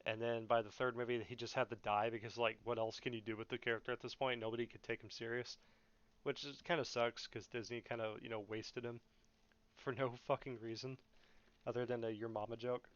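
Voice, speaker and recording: A man's voice: medium pitch, little pitch movement, a little fast, a bit bright, clear, resonant tone, no room sound, muffled recording. Profane young man ranting on a podcast. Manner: profane, laughing, mocking. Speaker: podcast host. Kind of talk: casual podcast rant.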